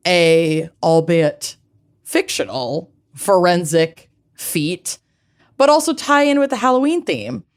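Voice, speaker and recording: Casting: enthusiastic Minnesotan woman podcast co-host, slow easygoing pace. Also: mid-range voice, clear, resonant tone. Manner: enthusiastic, chatty. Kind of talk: casual chat.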